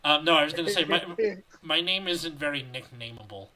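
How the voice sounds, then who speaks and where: Podcast host, bright, crisp tone, jokey and rambling on a video call. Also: male voice, a little high, animated, fairly quick. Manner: joking, rambling, laughs often. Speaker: podcast host reading fanfiction. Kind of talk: reading aloud and casual chat.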